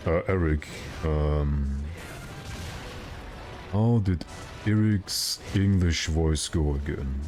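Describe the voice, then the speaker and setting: A man's voice: very deep voice, drawn-out words, pauses often, background noise. A male streamer chatting casually and rambling, with self-mocking jokes while he plays. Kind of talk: casual gaming stream chat.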